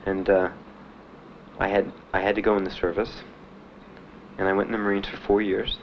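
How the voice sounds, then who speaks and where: Low-voiced man in muffled archive testimony. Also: little pitch movement. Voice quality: plain, halting, many fillers. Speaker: veteran giving testimony. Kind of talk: spoken testimony. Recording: muffled 1970s archive recording with faint hiss.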